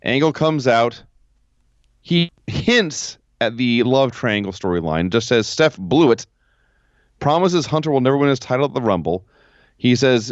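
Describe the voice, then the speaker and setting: A man's voice: mid-range voice, lively intonation, measured pace, no room sound, muffled recording. A man co-hosting a podcast, recapping old shows in a dry play-by-play way from home over a remote call. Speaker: podcast co-host. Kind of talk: casual recap chat.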